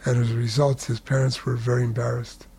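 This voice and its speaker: A man telling a spiritual story in a relaxed, conversational way, with humorous asides. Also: mid-range voice, a little fast, creaky, husky.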